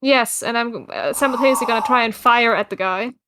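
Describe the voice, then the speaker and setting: High-voiced flustered woman player. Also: a little fast, background noise. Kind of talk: playing a tabletop game.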